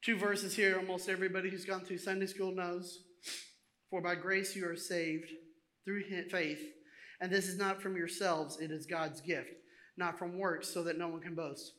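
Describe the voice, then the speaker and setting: A man preaching a sermon in a lively, conversational way, acting out little asides to the congregation. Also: high-pitched, moderate pace. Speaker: pastor.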